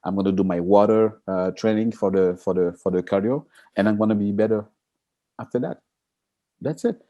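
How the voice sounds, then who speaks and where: Animated man telling stories, dark-toned. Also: normal speed, lo-fi sound. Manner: expressive, jumps into high excited pitch, acts out quotes, laughs. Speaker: Olympic sprinter, interview guest. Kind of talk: animated interview storytelling.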